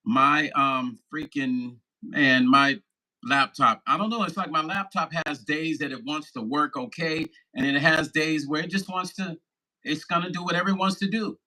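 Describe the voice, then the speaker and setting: A man's voice: on the high side, normal speed, sharp tone, rough recording. A man in his fifties, a musician vlogger, chatting casually on a livestream, laughing and swearing loosely as he talks to viewers. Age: 50s.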